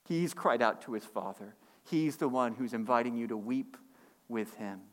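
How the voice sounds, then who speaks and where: A man preaching a sermon as pastor, climbing higher and louder on key points and dropping low and quiet in reflective stretches. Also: moderate pace. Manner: impassioned, rising in pitch and force on key points; drops to a quiet, low delivery for reflective passages.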